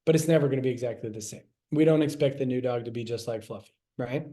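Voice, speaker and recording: A man's voice: mid-range voice, fast, warm tone. A middle-aged man giving a casual class, talking conversationally, repeating himself and acting out little quoted lines. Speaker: health class presenter. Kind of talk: casual teaching talk.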